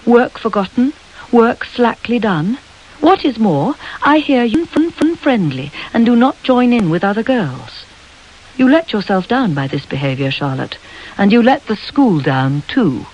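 A woman's voice: fairly high pitch, very animated, unhurried, highs cut off, pitched above the performer's own voice. A woman voicing a stern middle-aged headmistress who talks coldly and scolds. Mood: scolding. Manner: cold and scolding.

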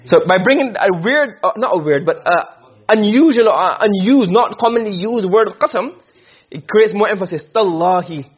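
Male teacher, high voice, husky, quick lecture, dull lo-fi recording. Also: animated. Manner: quizzes the class with rapid questions, repeats himself. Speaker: Arabic rhetoric teacher. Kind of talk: classroom lecture.

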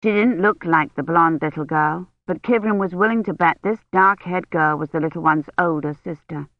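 A woman reading a novel aloud as an audiobook narrator in a measured, even storytelling manner, in a dull, lo-fi recording. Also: on the low side, dry recording. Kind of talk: scripted narration. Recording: dull, lo-fi, dry.

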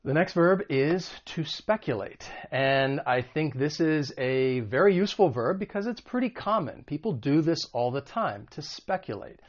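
A man's voice: on the high side, expressive, moderate pace, hardly any pauses. A man with a slightly raised voice teaches English vocabulary in an online video lesson. He explains each word patiently with examples. The recording is a touch muffled and dull.

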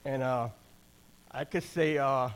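This older man takes it slowly, his medium-pitched voice smooth and steady as he preaches a conversational sermon drawn from his own testimony. He talks plainly, restarts phrases often, and keeps asking listeners "amen?" and "right?"

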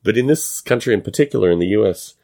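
Man with a non-American English accent, podcast host, deep voice, gravelly fry, halting casual musing. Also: lively intonation, mellow. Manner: musing, halting, with frequent restarts. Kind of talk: casual solo monologue.

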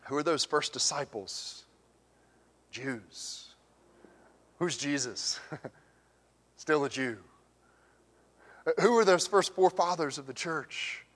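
A man preaching a sermon as pastor, swinging from emphatic raised questions to hushed near-whispers. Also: fairly high pitch, slow, long pauses. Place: church sanctuary. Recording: long church hall reverb.

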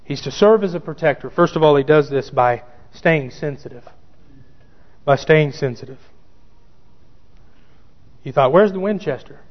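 Emphatic preacher with a high voice. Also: male voice, a little slow, pauses often. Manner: emphatic, repeats key phrases, addresses listeners directly. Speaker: pastor. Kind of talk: sermon. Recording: dull church recording with long reverb.

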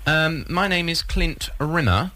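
A man making a deadpan prank phone call, hesitant and rambling with many ums. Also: a little high, a little slow. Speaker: prank caller.

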